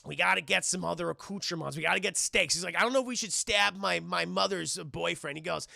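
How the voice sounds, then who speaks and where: Gravelly high-voiced man recapping films. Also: fast talker, no room sound, studio quality. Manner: animated, profane, acts out characters' lines in silly voices. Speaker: film reviewer streaming to chat. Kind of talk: casual scene-by-scene film recap to live chat.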